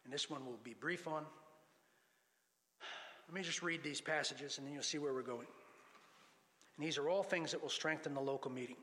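A man's voice: on the high side, moderate pace, long pauses, pushed and bright. A man preaching a sermon to a congregation, teaching lessons from scripture and reading passages aloud. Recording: long hall reverb.

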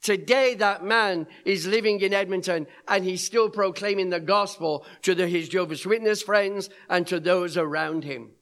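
A man with a high voice delivers a sermon. He tells his story earnestly, building emphasis as he speaks. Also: normal speed, few pauses, a bit bright. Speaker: preacher.

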